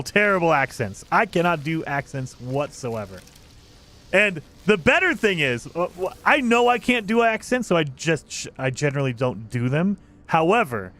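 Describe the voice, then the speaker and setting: A man's voice: fairly high pitch, fairly bright tone. A man chatting casually on a live stream, reading chat aloud, laughing often and restarting his sentences.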